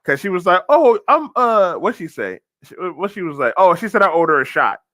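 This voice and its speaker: A young man talks casually as a commentary host, circling back and restarting his sentences as he tells a story. His voice is bright and a touch high. The sound is dry and close. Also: animated, quick pace, no room sound. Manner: rambling storytelling with frequent restarts.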